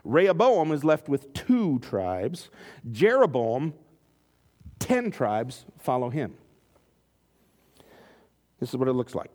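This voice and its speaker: A man's voice: mid-range voice, sing-song, takes it slowly, pauses often, darkish tone. A man preaching a sermon, reading scripture and acting out the quotes with joking asides. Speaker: pastor.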